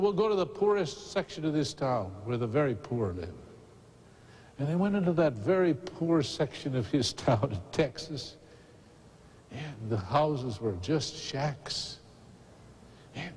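A husky, somewhat high-pitched male pastor preaching and telling a story with dramatic pauses. His voice rings out through a huge cathedral with a long reverb. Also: a little mellow. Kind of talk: sermon. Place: large cathedral.

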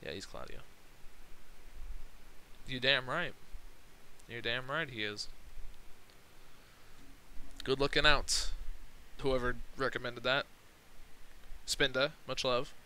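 A young man casually commentating his own game on a livestream, excitable and profane, laughing often. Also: mid-range voice, slow pace, long pauses, slight background noise, rough recording. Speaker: streamer.

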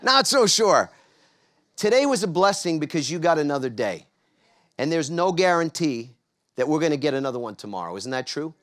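A man's voice: fairly high pitch, expressive, brisk. A middle-aged man from New York giving a motivational conference talk on a large stage, drawing the audience in with call-and-response questions. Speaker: keynote speaker.

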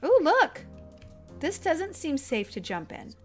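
Chatty, excitable woman streaming a game. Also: high voice, slow pace, soft background music. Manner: excitable, easily startled, apologetic. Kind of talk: casual gameplay chat.

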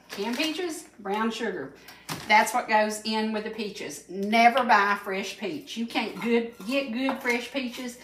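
A Georgia woman in her sixties with a Southern American accent hosts a folksy cooking demonstration on a TV studio kitchen set, chatting in a homespun way and repeating things for emphasis. Her voice is mid-range with a sharp tone. The low-quality recording has an echoey room sound and a little hiss or hum.

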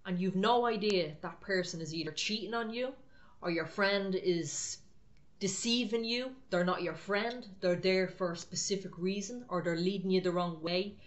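A woman's voice: mid-range voice, normal speed. A woman preaching a sermon, firm and exhorting in a conversational way.

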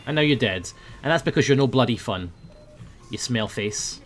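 A young man giving playful commentary over a video game, breaking into loud high yells when the action heats up. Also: animated, moderate pace, faint music behind. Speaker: gaming video host. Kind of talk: casual gameplay commentary.

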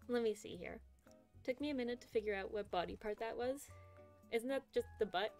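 Chatty young woman streamer, giggles a lot, kinda high voice, game music playing behind. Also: darkish tone. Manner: giggly, chatty, reads chat aloud. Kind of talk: casual live-stream chat.

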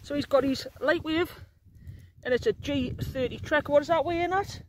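A jokey woman vlogging into a handheld camera up on the open hills. She talks in an easy, excitable way, with a faint hiss of outdoor noise behind her. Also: sits high, normal speed, rough recording. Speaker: vlogger, wild camper. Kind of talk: casual outdoor vlog narration.

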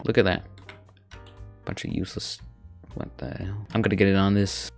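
A man's voice: low-pitched, steady tone, normal speed, long pauses, faint music behind. A young man giving casual, jokey gameplay commentary on a desk mic, swearing bluntly as he plays. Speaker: gaming YouTuber.

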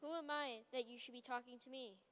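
A woman's voice: a little high, fairly even intonation, brisk, a bit bright, lightly acted. A woman voicing Moses, a nervous shepherd, in a church skit, repeating each line after the narrator. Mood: hesitant. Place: church sanctuary. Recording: reverberant church hall.

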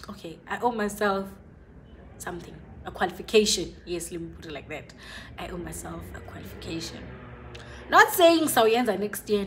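A young woman from South Africa chatting excitedly in a casual vlog, rambling and often dropping to a near whisper. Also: on the low side, measured pace, slight background noise. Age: young adult. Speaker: vlogger.

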